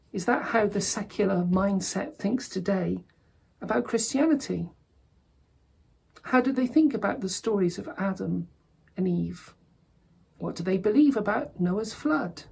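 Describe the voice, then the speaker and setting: Woman preacher, husky and dark, earnest and emphatic. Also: mid-range voice. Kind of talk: sermon.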